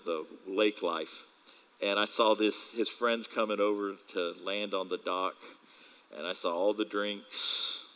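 A man's voice: lowish voice, creaky, a bit bright, rough recording. A male pastor preaching a casual sermon, telling stories with acted quotes and laughing along as he talks.

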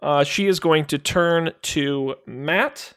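A man's voice: on the high side, fairly bright tone, clear, resonant tone. A man narrating as game master of a tabletop game, casual and joking. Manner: casual, joking, quick asides.

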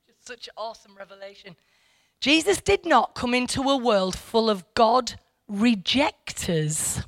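A woman's voice: on the high side, a bit bright, dry recording, clean studio sound. A middle-aged woman from England giving an informal, chatty Bible teaching that wanders off track and then presses hard on her key points. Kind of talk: informal Bible study talk.

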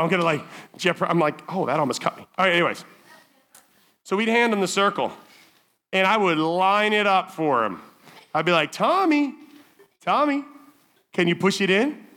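Bright, high-voiced, animated camp preacher man. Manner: animated, chatty, full of "like" fillers, acts out scenes. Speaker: camp evening speaker. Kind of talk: storytelling youth sermon.

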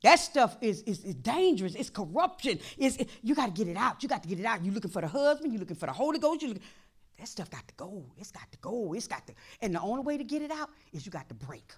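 A woman pastor preaching a sermon in a church, impassioned and repetitive, dropping to a hush and then rising to shouts. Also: mid-range voice, big pitch swings, fast, husky. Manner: impassioned, repeats phrases, swings from hushed to shouting.

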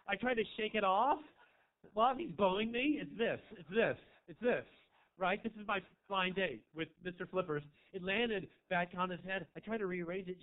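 A man from Marin doing a crude, camp stand-up set in a small club, rambling through a story with asides to the crowd. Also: high voice. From Marin County, California. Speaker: stand-up comedian. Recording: tinny, phone-like live club recording.

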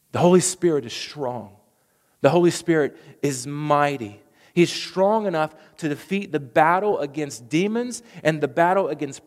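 A man delivers a sermon in a fairly high voice, moving from earnest storytelling into bold proclamation. His words ring out with a long reverb, as if spoken in a big hall. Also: darkish tone. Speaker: preacher.

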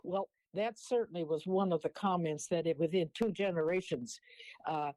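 A woman's voice: fairly low pitch, moderate pace, warm tone, no room sound, poor audio. A woman guest in a casual conversation, speaking thoughtfully and quoting sayings.

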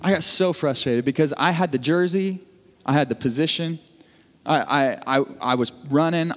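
Animated man preaching in a reverberant hall. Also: medium pitch. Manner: conversational, animated storytelling with frequent restarts. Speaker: pastor. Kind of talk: sermon.

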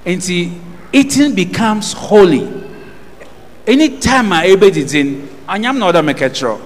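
Ghanaian guy preaching, call and response, voice up high and swinging all over, echoey hall. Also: expressive, unhurried. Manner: call-and-response preaching, asking the congregation questions. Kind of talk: sermon.

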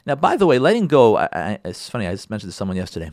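With a lowish male voice and rapid-fire delivery, an animated rabbi and show host addresses his listeners in a spirited Torah talk. He stresses points by repeating phrases and mimics listeners' voices; the studio audio is clean and echo-free.

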